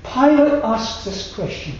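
A man preaching a sermon, slow and emphatic, letting his phrases fall away to a hush. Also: very high-pitched, very animated, a little hiss or hum. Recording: very echoey hall, slightly dull sound.

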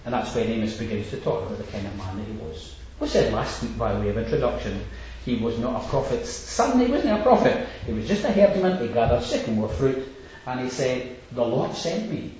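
Emphatic preacher in an echoey hall. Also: male voice, mid-range voice, lively intonation, fairly quick, darkish tone, a little hiss or hum. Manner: emphatic, repeats phrases for rhetorical build. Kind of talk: expository sermon. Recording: echoey hall, distant dull lo-fi mic.

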